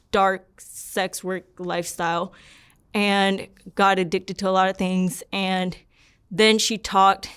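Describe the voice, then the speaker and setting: A young woman in an interview, earnestly recounting a personal story in a rambling, soft-spoken way with lots of "like". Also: medium pitch, smooth. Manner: rambling and earnest, leans heavily on "like". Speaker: interview subject.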